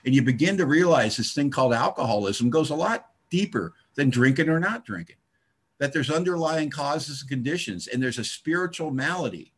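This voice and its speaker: A man's voice: a little high, lively intonation, fairly quick, breathy edge. A middle-aged man speaking at a recovery meeting, telling his story with wry, self-mocking humor.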